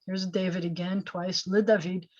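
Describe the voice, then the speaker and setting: A woman's voice: lowish voice, flat delivery, moderate pace, darkish tone. Patient woman teaching Hebrew over video call. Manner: patient, explanatory, asks students questions. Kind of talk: online Hebrew lesson. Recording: slightly dull video-call audio.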